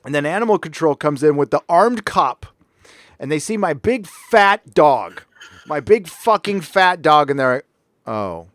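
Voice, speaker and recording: A man's voice: fairly high pitch, lively intonation, a little slow, fairly bright tone, no room sound, studio quality. A middle-aged man hosting a casual panel show from his home recording room, telling a story animatedly and swearing freely. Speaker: podcast host.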